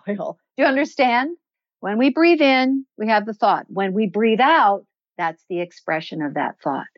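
A woman answering interview questions as a voice and performance coach, explaining in a measured, instructive way. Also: fairly high pitch, dry recording, highs cut off. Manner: measured, instructive, slows to stress points.

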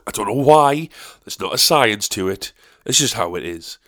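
A man's voice: on the low side, animated, normal speed, fairly bright tone. A man hosting his own podcast, rambling casually, swearing freely and wandering off on tangents. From North East England. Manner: loose, sweary and meandering. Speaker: podcast host.

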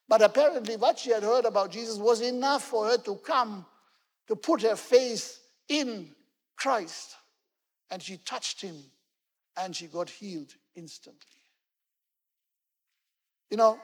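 In a large hall, a high-voiced man delivers a sermon as pastor. He tells the story with sincerity, leans on fillers such as "you know," and hammers key words through repetition.

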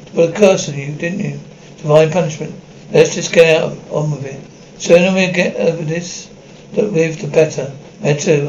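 Man reading a script, somewhat high voice. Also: a little mellow, lo-fi sound, a little hiss or hum. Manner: reads the stage directions and every part in one plain voice, stumbling over words. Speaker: script reader. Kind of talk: reading an anime episode script aloud.

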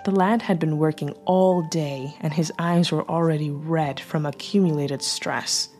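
Low-voiced woman narrating a story. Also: steady tone, darkish tone. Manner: measured storytelling. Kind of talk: audiobook narration. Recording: faint music bed.

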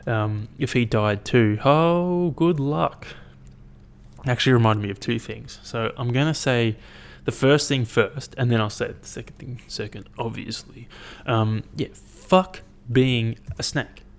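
A young man talking to camera in a casual, rambling monologue, blunt and swearing a lot as he thinks out loud. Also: mid-range voice, fairly even intonation, normal speed, vocal fry, few pauses. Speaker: vlogger.

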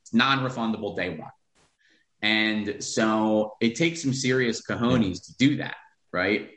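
A man's voice: on the low side, a little slow, fairly bright tone, reverberant. A man who is a real estate investor, talking bluntly with profanity as a podcast guest. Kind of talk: podcast interview.

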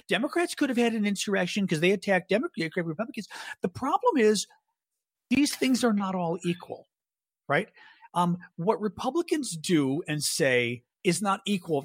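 A man's voice: on the high side, husky, no echo. A man co-hosting a political podcast, talking in a heated, emphatic way and swearing for stress. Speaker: podcast co-host. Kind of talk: political commentary chat.

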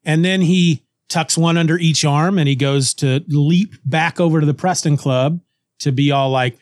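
A man co-hosting a podcast, casually retelling a comic story with lively restarts and snippets of character voices. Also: fairly high pitch, moderate pace, dry recording, clean studio sound. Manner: animated retelling, acts out characters' lines, frequent restarts. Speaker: podcast co-host.

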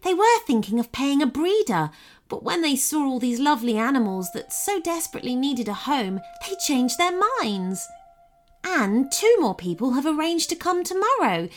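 An upbeat grown woman who runs a rescue shelter, talking warmly and eagerly in a storybook reading. Her voice sits fairly high and bounces lively up and down, put on by a woman narrator. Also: normal speed. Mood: excited. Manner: warm, chatty and enthusiastic. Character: cheerful adult woman running an animal shelter.

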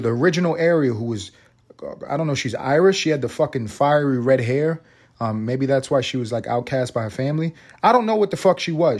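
A man's voice: a little high, a little mellow. A young man, hosting a solo podcast, ranting profanely and sarcastically while reading news aloud and riffing on it. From Harlem, New York. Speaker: podcast host.

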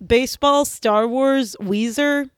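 A woman's voice: high voice, slow pace, smooth, no echo, studio quality. A woman in casual comedy banter, playful and blunt. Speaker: improv player.

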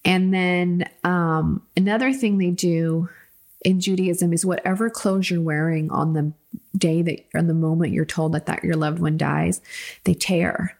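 A woman's voice: on the low side, fairly even intonation, a little slow, vocal fry, darkish tone. A woman co-hosting a podcast, telling personal stories in an earnest, casual way. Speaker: podcast co-host.

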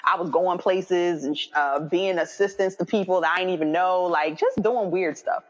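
A woman in her thirties telling a personal story in casual conversation, often acting out her own past words with leaps in pitch. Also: moderate pace. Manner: animated, quoting herself with high-pitched voices. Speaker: guest. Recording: dull audio with long reverb.

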